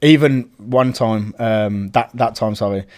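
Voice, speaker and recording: A man, a guest telling casual, animated stories and acting out the voices of people he quotes. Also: on the low side, measured pace. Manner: animated, acts out quoted voices, frequent swearing. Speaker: urban explorer guest. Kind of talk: casual storytelling chat.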